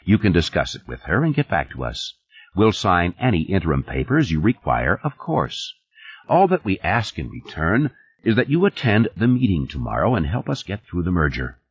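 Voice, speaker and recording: A man voicing a smooth, ingratiating corporate executive in an audiobook reading. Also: low voice, very animated, normal speed. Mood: soothing. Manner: soothing, glib. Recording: dull lo-fi audio.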